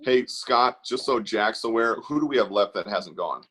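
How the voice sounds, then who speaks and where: A man's voice: on the low side, moderate pace, a bit bright, husky. A man hosting an online art class on a video call, chatty and encouraging as he guides kids. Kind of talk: casual live-stream instruction.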